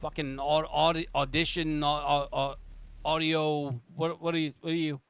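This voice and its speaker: A man's voice: on the high side, flat delivery, moderate pace, a bit bright, smooth, dry recording, voice pushed up. A man voicing a foul-mouthed, exasperated male mob boss who sputters and curses. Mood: furious.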